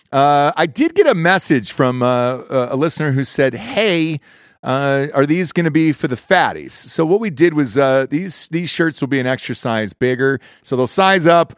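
A man hosting a casual podcast in a studio, talking loudly and profanely and jumping into hype-man shouts. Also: on the high side, lively intonation, moderate pace, smooth, no room sound. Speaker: podcast host. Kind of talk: casual banter. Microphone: studio mic.

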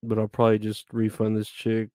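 A man's voice: lowish voice, monotone, brisk, a little mellow, dry recording, studio quality. A tired man streaming live, chatting in a rambling, irritable way and swearing a lot. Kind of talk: casual live stream chat.

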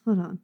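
A woman's voice: medium pitch, breathy edge, dull audio. A woman playing a tabletop game, chatting casually with giggles and playful complaints.

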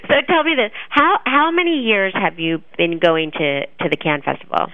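An upbeat woman hosts a radio talk show in a mid-pitched voice. She chats easily with her guest and laughs often. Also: very animated, moderate pace, no echo, phone-quality sound. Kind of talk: casual interview.

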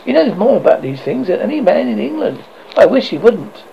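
A man's voice: sits high, very animated, brisk, creaky, lo-fi sound, slight background noise, pitched above the performer's own voice, exaggerated voice. A man voicing a worried young male student in a horror story reading, fretful and exasperated.

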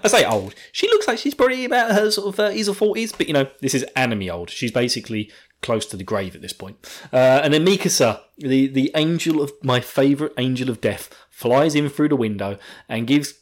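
Man, podcast host, jokey chat, laughs a lot, lively up-and-down voice, very close mic. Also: mid-range voice, brisk. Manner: jokey, laughs often, puts on silly voices. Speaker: podcast host recapping an anime episode. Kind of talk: casual chat. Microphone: too close to the mic.

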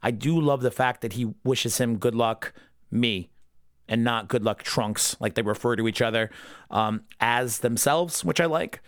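A man at an ordinary middle pitch talks through an episode in loose, unscripted commentary, swearing often and slipping into brief character impressions. The sound is dry and close, with almost no room around it. He speaks as the host of a casual fan podcast. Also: dry recording. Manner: profane, rambling, acts out character lines in quick impressions.

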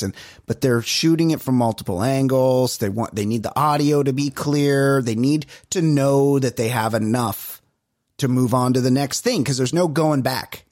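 A man co-hosting a podcast in casual chat, ranting in an animated way and swearing often. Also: mid-range voice, moderate pace, no echo, clean studio sound. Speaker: podcast co-host.

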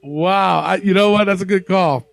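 A man's voice: sits high, moderate pace, gravelly, dry recording. A man hosting a wrestling podcast in casual, profane banter, laughing often. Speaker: podcast host. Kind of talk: casual chat.

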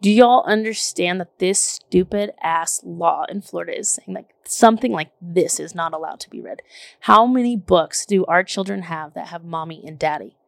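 A woman in her thirties telling a story in casual chat, animated and emphatic, full of "like" and the odd curse word. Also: fairly low pitch, moderate pace, vocal fry, dry recording. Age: 30s.

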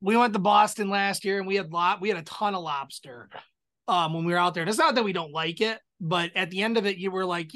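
Casting note: male podcast co-host with a high voice, chatty and hesitant, full of restarts. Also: a little fast, a bit bright. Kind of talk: casual chat.

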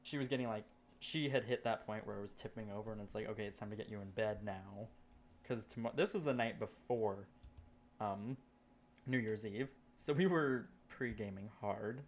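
A man on a podcast telling a story with animated, profane energy. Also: lowish voice, moderate pace, a little hiss or hum. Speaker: podcast co-host. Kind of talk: casual chat, storytelling.

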